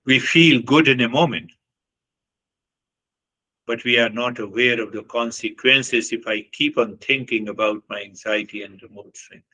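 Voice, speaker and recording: A man's voice: medium pitch, moderate pace, bright, forceful tone, husky, poor audio. A man giving a reflective spiritual talk, earnest and repetitive, often questioning his listeners. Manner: earnest, repetitive, with short laughs and acted quotes. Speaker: spiritual teacher.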